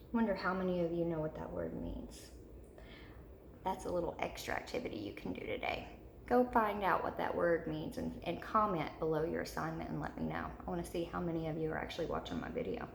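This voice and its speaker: A woman teacher giving a slow, repetitive recorded video lesson to third graders. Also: on the low side, lively intonation, vocal fry, echoey room, slight background noise.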